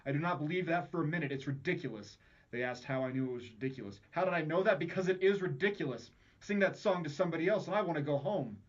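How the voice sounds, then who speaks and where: A man voicing a terrified adult man recounting an abduction under hypnosis, halting and repeating himself, in muffled lo-fi audio. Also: a little high, lively intonation, close to an everyday voice. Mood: indignant.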